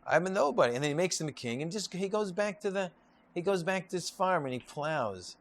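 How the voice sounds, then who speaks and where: A man's voice: sits high, fairly quick, a little hiss or hum. A man, a rabbi, giving an informal Torah class, telling stories and repeating and restarting his phrases. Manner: repetitive, restarts often, lively storytelling.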